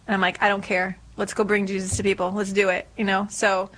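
A woman's voice: medium pitch, little pitch movement, fairly quick, fairly bright tone, rough recording. Chatty storytelling woman on radio. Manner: chatty, storytelling with quoted dialogue. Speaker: guest. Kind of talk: casual radio conversation. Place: radio studio.

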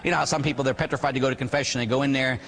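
Priest preaching with animated storytelling. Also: male voice, medium pitch, racing, creaky. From Pittsburgh area, United States. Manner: animated storytelling, acting out quoted voices, tag questions. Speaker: Catholic priest. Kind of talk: sermon. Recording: echoey hall with faint hum.

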